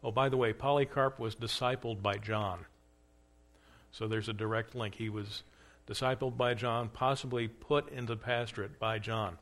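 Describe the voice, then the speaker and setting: A man's voice: on the low side, fairly even intonation, moderate pace, a bit bright. A man teaching church history in a conversational lecture, asking the class questions and acting out quoted lines. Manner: conversational, acts out quoted dialogue with rising emphasis.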